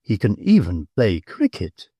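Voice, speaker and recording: A man's voice: huge pitch swings, measured pace, dark tone, slightly rough, no room sound, heavily acted. A man voicing a proud, imperious aristocratic countess in an audiobook, speaking in a raised, persuasive voice. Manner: proud, persuasive, high-pitched. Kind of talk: audiobook character voice.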